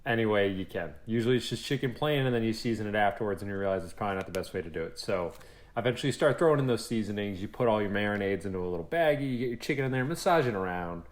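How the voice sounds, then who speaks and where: This podcast co-host is a young man with a lowish voice who races along. In casual chat, he tells stories with energy, performs other people's quotes, and swears freely.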